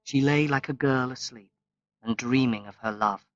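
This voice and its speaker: A man reading a graded-reader story aloud as audiobook narration, slow and measured with long pauses. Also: mid-range voice, no echo. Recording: dry, slightly dull lo-fi recording.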